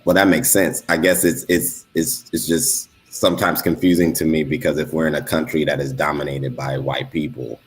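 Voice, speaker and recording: Very deep-voiced hesitant man. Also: steady tone, moderate pace, hardly any pauses, a little hiss or hum. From Los Angeles, USA. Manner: hesitant, questioning, many fillers. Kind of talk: casual discussion.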